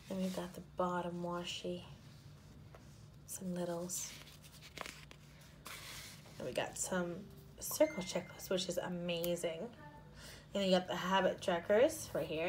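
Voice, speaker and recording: Gushing woman with a low voice. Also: slight background noise. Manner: gushing, drifts into soft half-whispers. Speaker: planner sticker shop owner and vlogger. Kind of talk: casual haul show-and-tell.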